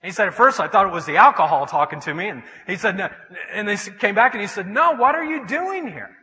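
A man's voice: sits high, expressive, fast, sharp tone, in a large hall, rough recording. A man preaching a sermon as pastor in a church, telling stories with animation and acting out the voices of the people he quotes. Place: church sanctuary.

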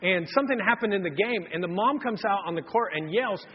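A man's voice: high-pitched, lively intonation, fairly quick, husky. A man, preaching a sermon in a folksy storytelling way and acting out the people he quotes. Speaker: pastor. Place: church hall. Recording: dull, reverberant church hall.

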